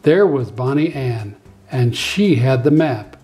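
A man and preschool teacher reading a children's story aloud in an expressive, lively way, with faint music behind. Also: medium pitch, slow pace, breathy edge.

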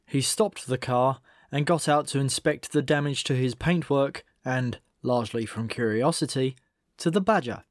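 A man narrates a comic novel as an audiobook, measured and wry in his delivery. His voice sits at a middle pitch and is recorded close and dry, with no room sound. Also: dry recording. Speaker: audiobook reader. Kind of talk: scripted narration.

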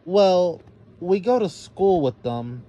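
A man's voice: sits high, lively intonation, slow pace, warm tone, dull audio, slight background noise, voice pushed up. A man voicing a carefree, breezy girl in a storybook reading. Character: carefree, thrill-seeking girl.

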